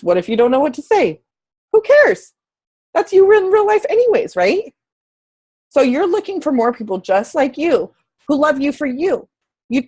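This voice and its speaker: Casting: candid woman coach in her thirties, slightly high voice, casual vlog talk. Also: darkish tone, slightly rough. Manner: candid, chatty, swears casually. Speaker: fitness coach. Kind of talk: casual motivational talk to camera.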